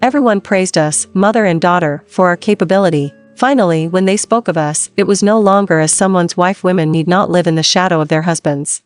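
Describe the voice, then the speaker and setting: Woman reading a story out, calm and steady, lowish voice, soft music under it. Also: fairly quick, hardly any pauses. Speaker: narrator. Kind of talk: scripted first-person story narration.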